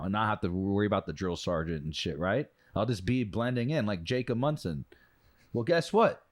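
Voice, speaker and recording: Profane, animated male storyteller. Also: lowish voice, dry recording. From United States. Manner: profane, animated storyteller, loud acted quotes. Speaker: podcast co-host. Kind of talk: casual storytelling chat.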